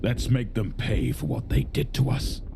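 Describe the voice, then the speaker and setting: An actor playing a grim, defiant male gladiator leader in an animated story, speaking in a resolute, hard manner. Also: lowish voice, normal speed, background noise. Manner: gravelly, resolute. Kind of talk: animated narrative voice acting.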